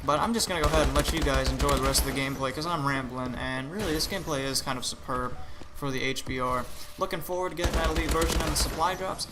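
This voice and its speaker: The gaming channel host, tired and yawning, has a slightly high voice and speaks quickly with few pauses. His gameplay commentary is easygoing and rambling, with frequent restarts and fillers, in a noisy home recording with clicks.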